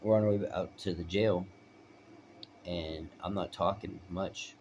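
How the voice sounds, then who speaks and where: A man's voice: low voice, fairly even intonation, unhurried, a little mellow, slight background noise. A man telling his own story in a rambling, emphatic way, often asking "right?". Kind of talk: personal storytelling.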